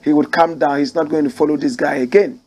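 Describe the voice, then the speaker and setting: A man with a Ghanaian accent hosting a news commentary show, animated and emphatic, repeating phrases as he talks. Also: a little high, fast.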